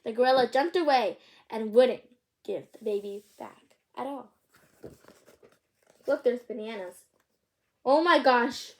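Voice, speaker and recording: A woman's voice: on the high side, measured pace, pauses often. A woman hosting her channel, reading a picture book aloud and stopping for chatty, curious comments on the pictures. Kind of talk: read-aloud with chatty asides.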